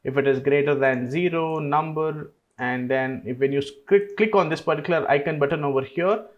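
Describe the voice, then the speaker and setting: Man walking through a software tutorial. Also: a little high, a little fast, muffled recording. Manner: step-by-step, with frequent fillers. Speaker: tutorial host. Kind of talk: screen-recorded software tutorial.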